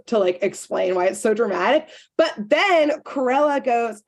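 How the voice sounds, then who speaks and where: Woman podcast co-host, chatty recapper, slips in lively character quotes, casual delivery. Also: a little high. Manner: animated storyteller, quotes characters in quick asides.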